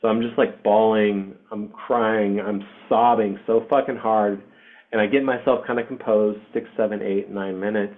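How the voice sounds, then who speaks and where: A man's voice: on the low side, steady tone, normal speed. A man in his forties hosting an online spiritual group, telling a personal story in a candid, emotional way with casual swearing and fillers. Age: 40s. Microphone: online video session. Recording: tinny phone-like call audio.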